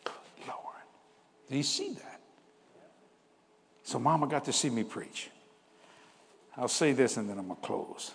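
A man's voice: mid-range voice, animated, a little slow, gravelly, long pauses, in a large hall. A man in his seventies preaching a sermon, telling family stories in a folksy, conversational way and laughing at his own tales. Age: 70s. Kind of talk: storytelling sermon.

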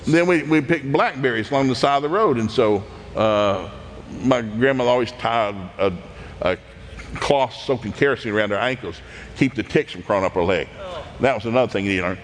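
A man's voice: mid-range voice, a little fast, long reverb tail, slight background noise. Man telling folksy farm stories. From East Tennessee, USA. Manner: animated, laughs often, acts out voices. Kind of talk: folksy anecdotal storytelling.

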